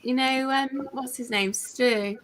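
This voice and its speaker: Woman, high pitch, bright, giggly, casual chat. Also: steady tone, takes it slowly. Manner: giggly and playful. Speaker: show host.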